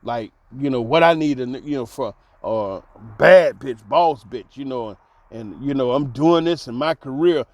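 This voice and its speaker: A man telling a personal story in a casual monologue, laughing often and dropping to soft low tones, repeating words for emphasis. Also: normal speed, dry recording. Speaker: host.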